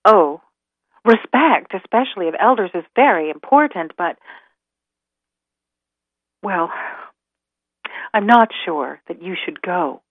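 A woman's voice: on the low side, lively intonation, takes it slowly, long pauses, no echo, exaggerated voice. A woman voicing a polite fox who speaks with hesitation, heard over a tinny line. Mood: hesitant.

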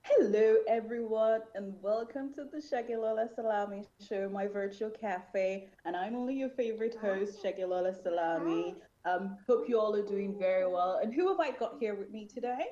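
A woman's voice: mid-range voice, moderate pace, hardly any pauses, mellow, highs cut off. A woman hosting an interview show, chatty and playful, joking about herself. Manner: chatty, playful, self-deprecating. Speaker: host. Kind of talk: casual interview chat.

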